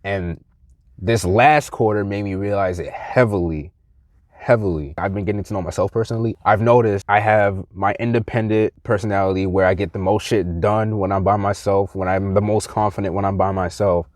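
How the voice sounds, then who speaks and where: A man's voice: on the low side, steady tone, moderate pace, no room sound, clean studio sound. A young man vlogging a heated, profane rant to the camera, mocking other people in quoted voices. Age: young adult.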